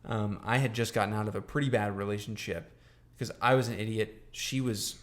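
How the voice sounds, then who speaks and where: Fairly low in pitch and fairly quick, a young man co-hosts a podcast with fairly even intonation. He rambles casually, stopping to restart and dropping lots of fillers.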